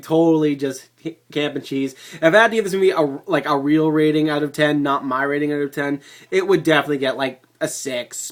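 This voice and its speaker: Excitable, rambling man reviewing a movie. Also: a little high. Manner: excitable, rambling, swears a lot. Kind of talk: casual movie review vlog.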